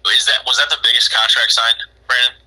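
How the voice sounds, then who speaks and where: Fast-talking husky man in casual chat. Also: medium pitch, little pitch movement, pushed and bright, poor audio. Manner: rambling, repeats himself, many fillers. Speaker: podcast guest.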